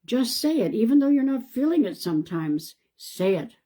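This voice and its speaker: A woman, a psychic medium, doing a live-stream card reading in a calm, reassuring way and thinking aloud. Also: fairly high pitch, normal speed. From Canada.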